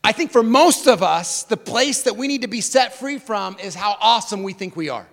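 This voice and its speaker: A man preaching a sermon in a lively, casual way, with slang and sudden swings from loud to hushed. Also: sits high, moderate pace. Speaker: pastor. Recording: long reverb of a large hall.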